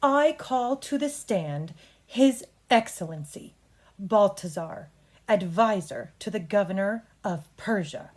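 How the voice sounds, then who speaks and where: A woman voicing an earnest male defense attorney in a courtroom play, with slow, deliberate and formal delivery. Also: a little high, big pitch swings, exaggerated voice.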